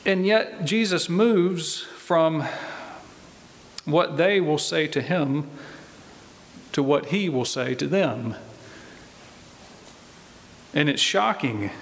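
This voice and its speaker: Slow, deliberate male preacher in a reverberant hall. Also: on the high side, a bit bright. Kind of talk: sermon. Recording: long reverb of a large hall.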